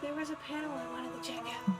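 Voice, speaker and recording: A high-voiced, teasing woman co-streamer. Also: steady tone, fast talker, loud music behind the voice. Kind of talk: casual gameplay commentary.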